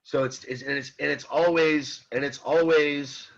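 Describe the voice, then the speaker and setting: A man teaching an online philosophy class, talking in halting restarts and often checking in with "right?". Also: a little high, fairly even intonation, creaky, lo-fi sound. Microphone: computer mic on a video call.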